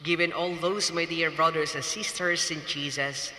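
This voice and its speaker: A man with a Filipino accent, officiating a wedding and giving a slow, emphatic homily. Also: fairly high pitch, steady tone, sharp tone, a little hiss or hum. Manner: slow emphatic preaching with banter. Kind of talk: wedding homily mixing English and Hiligaynon. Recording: echoey reverberant hall, distant ambience.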